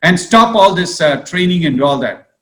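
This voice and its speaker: A man's voice: high-pitched, animated, normal speed, sharp tone, reverberant. A man voicing a young female bird who whines, begs and complains to her mother. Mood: indignant. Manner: whining, begging.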